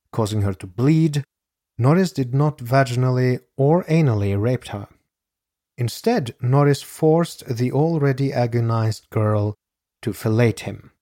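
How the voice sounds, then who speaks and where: A man reading a scripted true crime narration in a measured, grave way, as a podcast host. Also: medium pitch, a little mellow, no echo, clean studio sound.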